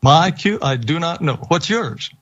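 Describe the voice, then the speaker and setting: Husky, measured male debate guest. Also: on the high side, lively intonation, a bit bright. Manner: measured, formal and firm. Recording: dull lo-fi clip.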